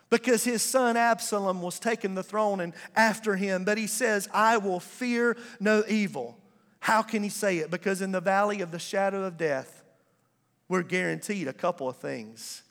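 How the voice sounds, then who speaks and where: High-voiced preacher in a reverberant hall. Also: male voice, fairly bright tone. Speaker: pastor. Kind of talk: sermon. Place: church sanctuary. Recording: long reverb of a large hall.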